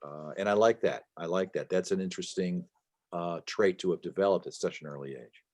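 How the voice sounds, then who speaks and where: A deep-voiced man speaks as a guest author on a video call. He explains at length and leans hard on key words, often restarting and padding with "uh". His low voice gives the answers a steady weight. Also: a little fast. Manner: discursive, emphatic, many restarts and fillers. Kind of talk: conversational interview answers.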